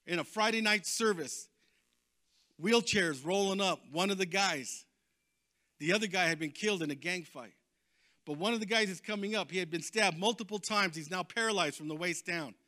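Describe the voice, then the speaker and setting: Bright, high-voiced man preaching a testimony. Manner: storytelling, lively and emphatic. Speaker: guest preacher. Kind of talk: testimony sermon.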